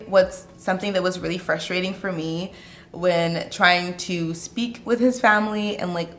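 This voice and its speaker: Brief: woman, vlogger, chatty and expressive, mid-pitched, soft music underneath. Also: normal speed, roomy sound. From United States. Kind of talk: casual chat to camera.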